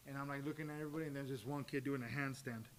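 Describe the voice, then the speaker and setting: A jiu-jitsu coach telling stories in a casual interview, acting out the dialogue with lively energy. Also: male voice, mid-range voice, very fast. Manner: animated storyteller, acts out quoted dialogue. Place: gym. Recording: faint background hiss.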